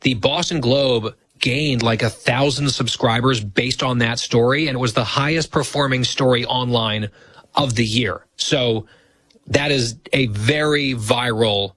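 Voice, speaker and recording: A man hosting a radio talk show, teasing his co-host in casual banter with dry, deadpan ribbing. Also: mid-range voice, measured pace, breathy edge.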